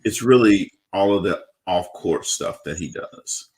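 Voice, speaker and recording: A show host with a low, deep voice runs a casual interview at an unhurried pace, sounding a little mellow. He's upbeat and chatty, leaning on fillers and often restarting sentences.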